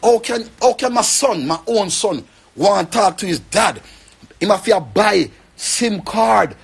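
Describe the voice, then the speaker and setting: A man's voice: sits high, lively intonation, a little slow, vocal fry, breathy edge. A young man with a Jamaican accent, rambling and pleading in an emotional rant to the camera. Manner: pleading, rambling, repeats himself.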